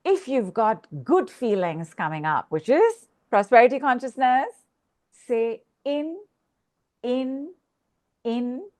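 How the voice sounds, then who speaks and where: Slow-spoken woman leading affirmations. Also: a little high, very animated, darkish tone. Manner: slow, repetitive, instructive. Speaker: spiritual coach leading a group call. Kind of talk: guided group exercise with chanted affirmations.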